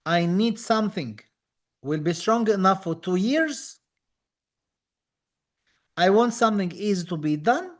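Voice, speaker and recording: A high-pitched man with as a teaches a live online dental exam class. He talks with eager enthusiasm, repeating key phrases to encourage his students. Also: expressive, a little slow, pauses often. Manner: enthusiastic, reads out viewer comments, repeats phrases.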